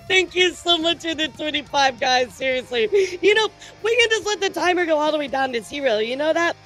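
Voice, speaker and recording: A woman streaming live, chatting casually with viewers in an excitable way, laughing, swearing and stammering through repeats. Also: sits high, normal speed, faint music behind, poor audio. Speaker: livestreamer. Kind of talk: casual livestream chat with viewers.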